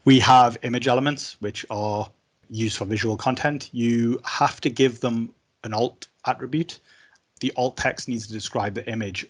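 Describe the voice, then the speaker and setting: A man's voice: mid-range voice, slightly rough. Casual man teaching code. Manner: casual, conversational, with fillers. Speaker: coding instructor. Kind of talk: explaining web basics.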